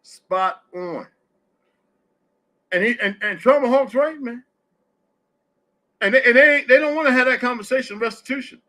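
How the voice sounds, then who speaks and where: A middle-aged man with a high, bright voice hosts a casual live audio discussion. He talks bluntly and curses freely, telling stories in a plain, direct way. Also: moderate pace, pauses often. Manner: blunt, profane storytelling. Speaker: host.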